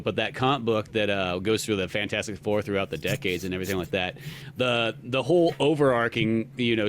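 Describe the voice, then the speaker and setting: A man's voice: fairly low pitch, a little hiss or hum. A man co-hosting a podcast, chatting casually about comics with a joking, profane manner. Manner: joking, profane, animated storyteller. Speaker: podcast co-host. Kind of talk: casual film review chat.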